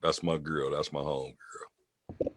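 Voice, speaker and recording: A man in a casual live-stream chat, joking about himself in a relaxed, low-key way. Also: slow pace, no room sound.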